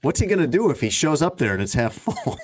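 A man's voice: fairly high pitch, very animated, a little fast. A man hosting a casual talk show, running through news items and teasing his co-hosts. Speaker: host.

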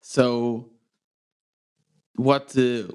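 A man's voice: mid-range voice, flat delivery, extremely slow, a little mellow, clear, resonant tone. A man hosting a podcast, interviewing a guest with friendly, open questions. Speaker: podcast host.

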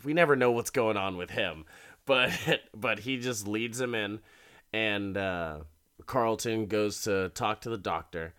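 Forceful, crude man retelling a story. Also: lowish voice, measured pace, clean tone. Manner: animated, crude and profane, laughing often. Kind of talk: casual chat retelling a TV episode.

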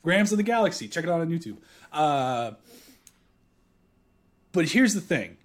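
A man co-hosting a casual podcast chat, joking, swearing and talking with animated energy. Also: on the high side, normal speed. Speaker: podcast co-host.

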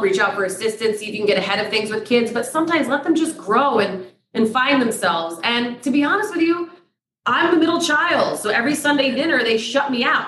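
Lively New woman, echoey room. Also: a little high. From Poughkeepsie, New York. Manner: lively storyteller who acts out quoted exchanges. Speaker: radio host, guest. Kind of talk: casual interview chat.

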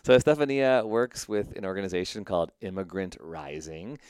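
A man's voice: sits low, fairly quick, darkish tone, clear, resonant tone, no echo. A man hosting a podcast in a casual, joking, rambling way, often laughing. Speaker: podcast host. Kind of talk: casual chat and interview.

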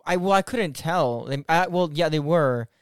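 A man co-hosting a movie podcast, wry and quick to laugh in casual chat. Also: on the high side, animated, smooth, no echo, studio quality. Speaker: podcast co-host.

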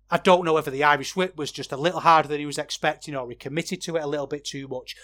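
Man, podcast host, rambling, animated, slightly high voice. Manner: rambling, animated when worked up. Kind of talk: casual review podcast.

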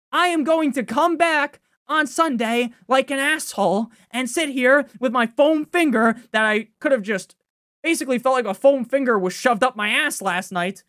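A young man hosting a fantasy football podcast, ranting casually with profanity and sudden loud outbursts of frustration. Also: very high-pitched, dry recording, clean studio sound.

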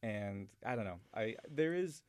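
A man's voice: on the low side, expressive, measured pace, a little mellow, no room sound. A man hosting a podcast, talking through a film he loves in a rambling, enthusiastic way with many restarts. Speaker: podcast host. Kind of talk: casual film discussion.

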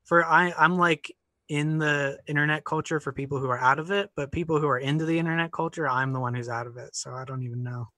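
Young male debater, bright tone, thinks out loud with many restarts; dry, close recording. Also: fairly high pitch, fairly even intonation, fast talker, no echo. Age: young adult. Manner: hesitant, restarts sentences, thinks aloud. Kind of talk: casual spoken argument.

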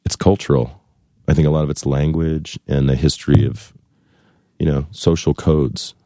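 A man's voice: very deep voice, little pitch movement, moderate pace, dark tone, no room sound, clean studio sound. A man being interviewed as a guest musician, chatting casually in a wry, joking way and now and then slipping into mock voices.

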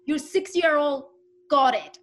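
A woman hosts an interview, asking reflective questions in an encouraging way. Her voice sits a little high. A faint noise runs under the recording. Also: unhurried, a bit bright. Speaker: interview host. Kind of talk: interview conversation.

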